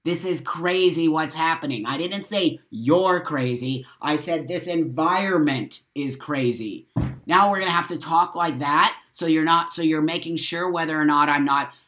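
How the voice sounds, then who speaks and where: A man's voice: fairly high pitch, moderate pace, pushed and bright. A man hosting a casual live stream, reading viewer comments and answering them in a heated, emphatic way. He swears freely and speaks straight to his viewers, wired on coffee after a poor night's sleep. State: over-caffeinated and short on sleep.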